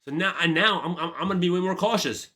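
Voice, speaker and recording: A man streamer telling a casual story, animated and profane, full of slang and calling everyone bro. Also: high voice, fast.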